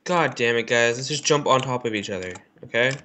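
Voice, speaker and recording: A young man commentating his own gameplay, excitable and swearing, often yelling at other players. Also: mid-range voice, brisk, a little hiss or hum. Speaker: gaming YouTuber. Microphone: headphones on, desk mic.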